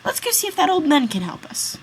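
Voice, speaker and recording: A woman voicing an excitable, easily swayed young man in a story. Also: high-pitched, a little fast, slight background noise, pitched above the performer's own voice, poor audio.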